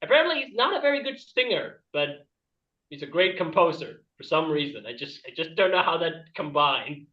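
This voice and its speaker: Rambling comedian on a distant call. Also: male voice, on the high side, sing-song, normal speed, echoey room, dull audio. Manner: rambling and self-amused, laughing at his own jokes, with jumpy shifts in loudness. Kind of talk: stand-up comedy bit over a video call.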